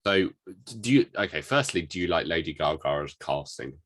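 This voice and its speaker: A man co-hosting a podcast tosses out playful questions in casual movie chat. His voice is very deep, and its pitch swings lively and wide. He talks from a home microphone. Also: normal speed. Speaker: podcast co-host. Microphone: home microphone, remote call.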